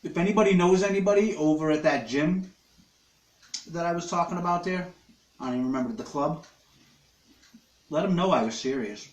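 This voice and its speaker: A man's voice: on the high side, a little fast, pauses often, reverberant. A man hosting a casual live stream from his living room, joking crudely with viewers while he eats. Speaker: livestream host. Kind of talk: rambling casual live chat.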